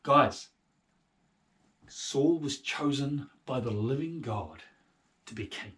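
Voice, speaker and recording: A man voicing an earnest young hero, loud and insistent. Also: medium pitch, animated, slow, recorded from a distance, pitched above the performer's own voice.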